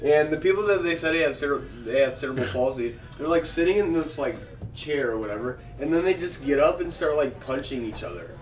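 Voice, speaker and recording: A man's voice: on the high side, expressive, brisk, faint music behind. A man telling a rambling story in casual podcast chat. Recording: distant mic, noisy room.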